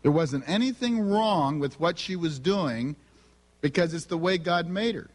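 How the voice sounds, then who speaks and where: Man, middle-aged, sermon, humorous family anecdotes, acts out dialogue, fairly high voice, long hall reverb. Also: lively intonation, unhurried. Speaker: speaker on family and spiritual gifts. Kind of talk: sermon with personal stories.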